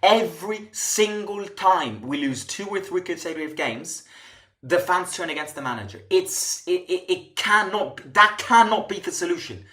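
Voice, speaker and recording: A man's voice: high-pitched, lively intonation, normal speed, pushed and bright. A man hosting a football fan channel, delivering an impassioned commentary rant full of emphatic rhetorical questions and frequent restarts. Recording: echoey room.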